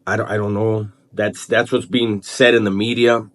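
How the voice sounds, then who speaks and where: A man's voice: lowish voice, level tone. A man hosting his own video channel, talking casually to the camera and restarting his sentences often as he thinks aloud. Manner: halting, repeats words and restarts while thinking aloud. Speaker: channel host. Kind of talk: casual vlog commentary.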